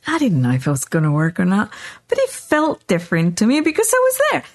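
A woman podcast host telling a story in casual chat, animated, often checking in with "right?". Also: medium pitch, fast.

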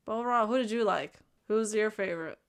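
Female co-host, playful and teasing, quick interjections, casual movie talk. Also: medium pitch, smooth. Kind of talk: casual chat.

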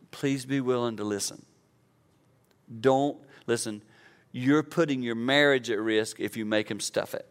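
A man's voice: medium pitch, normal speed, smooth. A man in his fifties preaching an earnest, conversational sermon, acting out quotes to make his point. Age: 50s. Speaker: pastor.

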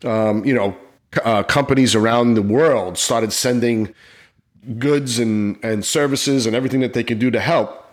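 A middle-aged man of middle pitch tells a personal story in an interview. His delivery is earnest and emotional, and it comes out in halting bursts. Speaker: retired police officer and app founder.

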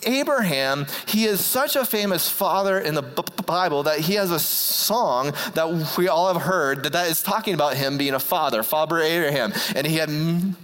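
A man preaching a sermon, often halting and repeating words as he starts a phrase. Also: fairly high pitch, expressive, a bit bright. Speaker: pastor. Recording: church hall reverb.

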